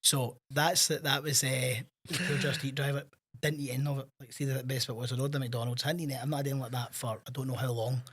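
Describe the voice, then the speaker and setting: A Scottish man co-hosting a podcast in casual chat, telling animated anecdotes and acting out the voices of people in his stories. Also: medium pitch, fast, hardly any pauses, breathy edge. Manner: animated storyteller, acts out quoted voices. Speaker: podcast co-host.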